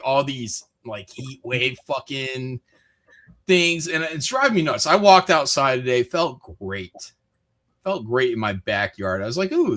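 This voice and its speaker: Man host from Michigan, somewhat high, bright voice, rambling swearing rants in loose chat. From Michigan, USA. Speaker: streamer host. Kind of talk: casual chat.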